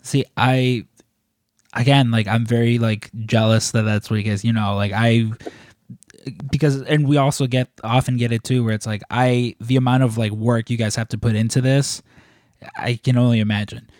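A man's voice: medium pitch, fairly even intonation, moderate pace, darkish tone, dry recording, clean studio sound. A man in casual chat, telling stories in a rambling way, full of filler words. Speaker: wrestling merchandise shop employee asking questions.

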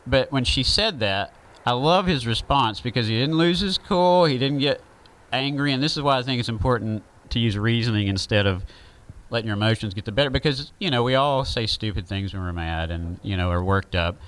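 A man's voice: mid-range voice, lively intonation, brisk, fairly bright tone, clean tone, low-quality recording. A man with a Southern accent, talking through an opinion monologue in a rambling, conversational way with many fillers.

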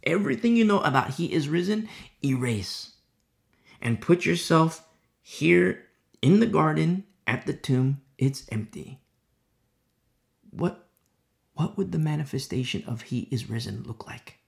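A preacher with a gravelly edge to the voice delivers an impassioned sermon. The delivery swings between firm, raised emphasis and near-whispered asides, and key phrases come back again and again. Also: medium pitch, lively intonation, a little slow, long pauses. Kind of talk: expository sermon.

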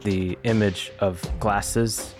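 A man improvising a businesslike male soldier robot in a comedy sketch, speaking in a quiet, subdued official tone. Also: on the low side, steady tone, takes it slowly, faint music behind. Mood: dry.

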